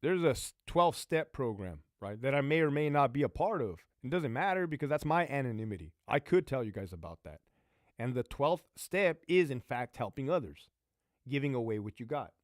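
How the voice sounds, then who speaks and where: A man's voice: medium pitch, moderate pace, dry recording. Cursing ex-prison lieutenant guy on a live stream, bouncy voice going up and down, real dry sound. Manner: profane, blunt, animated storyteller. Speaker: livestream host and former prison lieutenant. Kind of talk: casual livestream Q&A storytelling.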